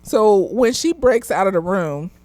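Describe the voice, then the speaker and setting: A woman's voice: mid-range voice, expressive, unhurried, a little mellow, dry recording. A young woman, slightly tipsy, recapping a movie in casual chat, swearing freely, laughing and acting out the characters. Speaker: movie reviewer.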